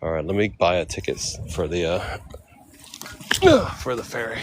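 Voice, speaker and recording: Slow, low-voiced man marveling outdoors. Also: wildly swooping pitch, slight background noise. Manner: awed, exclaiming at the scenery. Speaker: travel vlogger. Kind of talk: casual walking commentary. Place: outdoors by a bay and ferry wharf.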